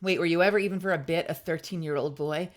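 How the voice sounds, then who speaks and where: A woman's voice: on the low side, fast talker. A woman voice actor chatting casually on a live stream, rambling with lots of fillers. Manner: rambling, many fillers, laughs often.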